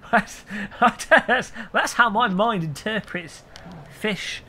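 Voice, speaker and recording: A man's voice: sits high, extremely slow, pushed and bright, a little hiss or hum. A man streaming a racing game, chatting and joking with his viewers while he sets up a server. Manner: chatty, jokey, talks to chat while setting up. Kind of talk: casual live-stream chat.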